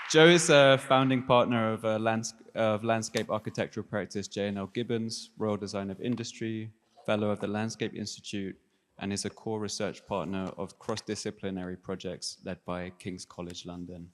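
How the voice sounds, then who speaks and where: A man with a fairly low voice chairs a panel and introduces the next speaker in a playful, self-mocking way. The long hall reverb, a faint audience and low background noise surround him. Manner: playful and self-deprecating, joking. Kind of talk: introducing speakers at a public event.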